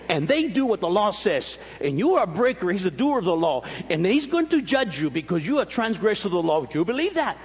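A man's voice: slightly rough, in a large hall. A man preaching a sermon as pastor, swinging his voice up and down as he explains scripture. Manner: preaching with sweeping rises and drops in pitch.

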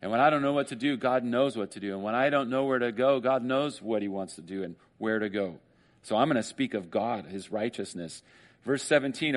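A man preaches a sermon in a loose, conversational way, reading verses slowly and then riffing on them. He throws joking asides to the congregation and acts out inner voices in higher tones. His voice sits at a middling pitch. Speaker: pastor.

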